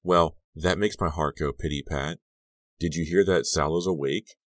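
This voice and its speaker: A man doing a sharp-tongued angry teen girl. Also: rumbling low, fairly even intonation, normal speed, dry recording. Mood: sneering. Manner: sneering, snappish. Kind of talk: audiobook narration.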